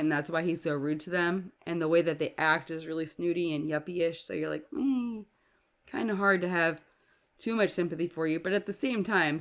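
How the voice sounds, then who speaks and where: Brief: woman podcast host with a lower voice, casual and chatty, who slips into quoted movie lines. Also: fairly bright tone. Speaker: parent. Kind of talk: casual chat.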